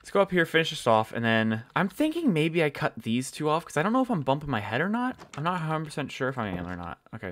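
A man's voice: on the high side, huge pitch swings, fast, hardly any pauses, a bit bright. A man giving casual, rambling commentary while playing a building game, swearing often and losing his train of thought. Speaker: gaming channel host.

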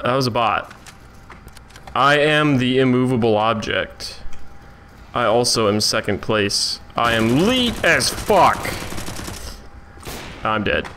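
Brief: male gamer, bright and slow-talking, swears a lot, mocks himself, faint gunfire behind. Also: mid-range voice, slight background noise. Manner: excitable, swearing, self-mocking. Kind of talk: let's play commentary.

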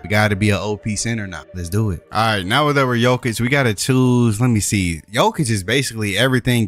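A young man trash-talking his opponent while commentating a basketball video game, with playful taunts and high yelps. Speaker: YouTube gaming creator.

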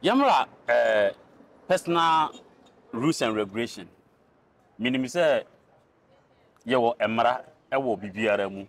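A man with a Ghanaian accent who interviews the guest, asking long questions and answering with short soft acknowledgements. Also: medium pitch, a little slow, pauses often. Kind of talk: casual interview talk.

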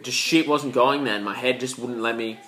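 A man's voice: medium pitch, normal speed, a bit bright. A young man, vlogging in a rambling, profane, slang-heavy way. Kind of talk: casual rambling vlog.

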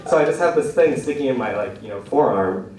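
At an open mic in a small room, a young comedian tells a rambling, self-deprecating story and keeps laughing at his own jokes. He speaks at medium pitch, animated and a little fast, with crowd noise. The sound is echoey, captured from a distant mic.

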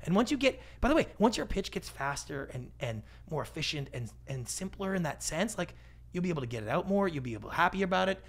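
A middle-aged man talking casually as a podcast guest, animated and acting out what other people say. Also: on the high side, fast, creaky. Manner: animated, acts out quoted voices. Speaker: guest, pitch expert. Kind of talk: podcast interview.

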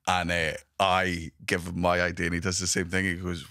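Bright-voiced Scottish comic telling stories. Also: male voice, low voice, steady tone, a little fast, hardly any pauses, dry recording, studio quality. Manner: swears freely, builds to loud punchlines. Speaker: comedian guest. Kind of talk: casual chat, comic storytelling.

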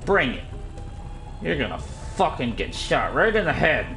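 A man from Iowa narrating his gameplay in a frustrated rage, cursing constantly at the game. His bright voice sits a little high and swings widely, and he talks slowly. Faint music plays underneath. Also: very animated, creaky. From Iowa, United States. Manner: angry, heavy swearing, yelling at the game. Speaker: gamer streaming gameplay.

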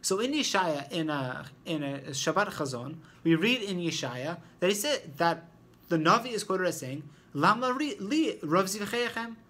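A man's voice: fairly high pitch, lively intonation, normal speed, sharp tone. A man teaching an informal Torah lesson who explains step by step and thinks aloud as he talks.

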